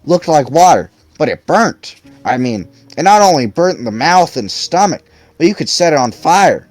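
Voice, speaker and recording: Chatty lecturing bar patron, storybook reading, voiced by the narrator. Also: male voice, on the high side, big pitch swings, moderate pace, darkish tone, dry recording, faint music behind. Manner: talkative, lecturing.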